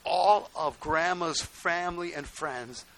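An older male pastor giving a sermon, telling stories in a folksy way, dropping to quiet asides and then rising to loud exclamations. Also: slow, rough recording. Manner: folksy storytelling preaching, swinging from low asides to loud exclamations. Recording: faint hiss.

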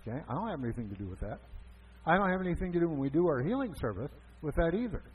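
A man's voice: fairly high pitch, sing-song, rapid-fire, slightly rough. A man preaching a conversational sermon as pastor, asking and answering his own questions. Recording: tinny phone-like sound from far off.

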